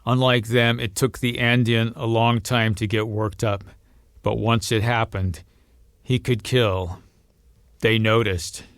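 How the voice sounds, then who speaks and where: A man reading a novel aloud as narrator, in a steady storytelling manner. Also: slow, no echo, studio quality. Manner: steady storytelling, lifts pitch and volume for quoted voices. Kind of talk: audiobook reading.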